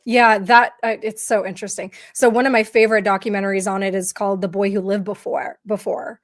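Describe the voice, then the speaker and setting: A woman's voice: medium pitch, flat delivery, brisk. A woman podcast co-host telling stories in casual conversation, with many fillers and restarts.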